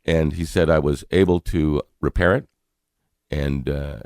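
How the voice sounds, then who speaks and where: A deep-voiced, middle-aged man from North Carolina with a Southern accent tells a personal story on talk radio. He speaks earnestly, stumbles and repeats words, and chuckles now and then. The studio sound is dry and close. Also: a little fast, a little mellow, no echo. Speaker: radio show host.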